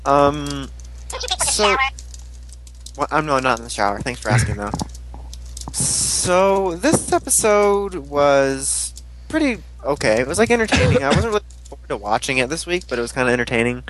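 A man's voice: fairly high pitch, sing-song, moderate pace, fairly bright tone, slight background noise, poor audio. A young man hosting a casual podcast, rambling and laughing as he recaps an episode. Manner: giggly, rambling, mimics characters while recapping. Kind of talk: casual chat.

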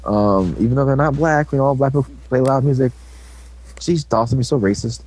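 A man's voice: mid-range voice, a little fast, a little mellow, breathy edge. A young man casually recapping a show episode, joking around and slipping into silly voices for the characters. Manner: rambling, jokey, drops into silly voices for characters. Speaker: podcast co-host recapping an episode.

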